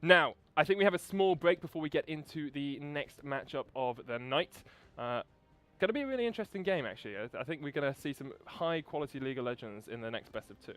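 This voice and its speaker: British male esports co-caster, fast and chatty, relaxed analytical banter. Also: a little high, no echo. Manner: quick, chatty, with many fillers like "you know".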